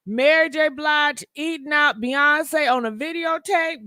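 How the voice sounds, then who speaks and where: A woman's voice: high-pitched, slow pace, bright, forceful tone, no room sound. A woman hosting a gossip channel, chatting dramatically straight to her viewers with lots of exclamations. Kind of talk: casual gossip commentary.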